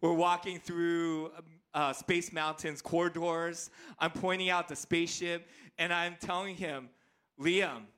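Bright, high-voiced animated male preacher. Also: measured pace, smooth. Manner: animated, playful storyteller. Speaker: pastor. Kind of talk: sermon with personal storytelling.

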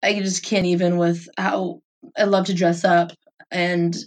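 A woman's voice: fairly low pitch, little pitch movement, measured pace, far from the mic. Young woman, co-host, casual chat, rambling, giggly, filler-heavy, a bit off-mic.

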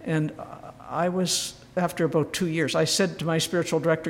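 A woman leads a spiritual retreat, telling a personal story in a gentle, earnest way with a touch of wry humor. Her voice rings out in a church with a long, lingering reverb. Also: low-pitched, fairly even intonation, brisk, hardly any pauses. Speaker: retreat speaker.

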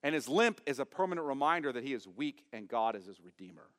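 A man preaching a sermon as pastor, emphatic, asking his congregation questions and swinging from loud stress to quiet asides. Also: mid-range voice, very animated, fast talker, long reverb tail. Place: church sanctuary.

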